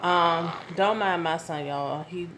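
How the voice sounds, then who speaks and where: A woman, telling a casual story to her viewers at home, animated and full of asides. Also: lowish voice, heavy background noise. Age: 30s. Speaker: vlogger. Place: home with her young son nearby.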